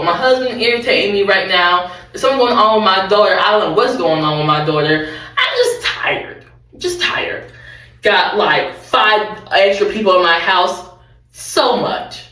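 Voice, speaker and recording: A woman's voice: medium pitch, moderate pace, pushed and bright, far from the mic, natural voice. A woman doing a frazzled, weary eighties mom. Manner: sighing, put-upon complaining. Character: weary frazzled 1980s suburban mother, tipsy. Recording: roomy, off-mic.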